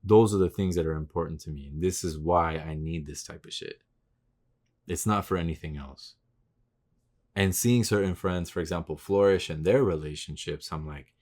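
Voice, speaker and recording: Deep-voiced profane podcast man. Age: 30s. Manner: profane, rambling, gets loud and animated when ranting. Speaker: podcast host. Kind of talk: casual solo podcast monologue.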